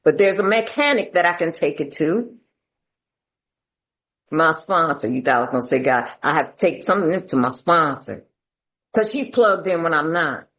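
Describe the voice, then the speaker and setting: A woman's voice: low-pitched, lively intonation, normal speed, a bit bright. Folksy woman speaker on a dull call. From Atlanta, US. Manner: folksy, emphatic, calls listeners "baby". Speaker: recovery meeting speaker. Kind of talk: sharing a recovery story.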